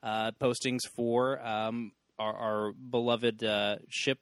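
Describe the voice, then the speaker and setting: A man's voice: mid-range voice, slow, no room sound. A man co-hosting a podcast, chatting casually and sarcastically about a bad movie. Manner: animated, sarcastic, mock-shouts at characters. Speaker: podcast co-host. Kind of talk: casual movie review chat.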